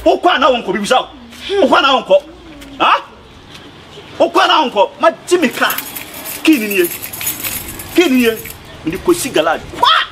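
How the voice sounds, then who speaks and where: An actor with a Ghanaian accent playing a boisterous, jokey man in a comedy film, loud and theatrically wailing. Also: very high-pitched, sing-song, normal speed, pauses often, noisy background, exaggerated voice. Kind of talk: Ghanaian movie acting, mixing Twi and pidgin English.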